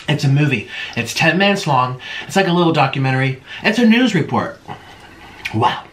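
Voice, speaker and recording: A man's voice: on the high side, very animated, normal speed, fairly bright tone, slight background noise. A man chatting casually to viewers while eating, humming with his mouth full between sentences. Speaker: mukbang vlogger.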